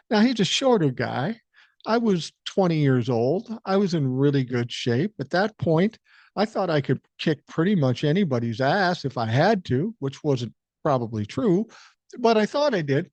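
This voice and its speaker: A man's voice: on the high side, sing-song, normal speed, a little mellow, dry recording. An older man with a Minnesotan accent hosting a solo podcast, telling a profane story and acting out the quotes. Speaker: podcast host. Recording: dry, slightly dull podcast mic.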